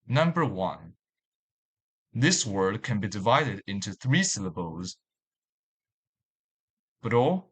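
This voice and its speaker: A man narrating a language lesson in a slow, deliberate way, repeating each example word. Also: on the low side, very animated, a bit bright, husky. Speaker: language teacher.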